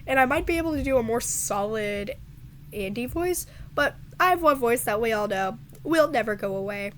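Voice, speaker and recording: A congested, hoarse woman with a raspy voice, rambling casually in a vlog and stumbling over her words. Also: on the high side, lively intonation, normal speed, slight background noise. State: congested, hoarse from a sore throat. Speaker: video creator.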